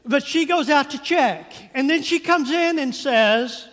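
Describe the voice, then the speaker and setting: A man preaching from a church sanctuary, spinning a funny, animated story with careful comic timing and drawn-out words. His voice sits very high for a man, and a long hall reverb trails behind every phrase. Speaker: pastor. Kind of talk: humorous storytelling sermon.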